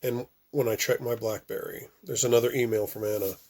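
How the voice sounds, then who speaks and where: A man reading a first-person novel aloud, with occasional stumbles and restarts and phrases that drop off softly. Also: medium pitch, steady tone, fairly quick. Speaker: audiobook reader.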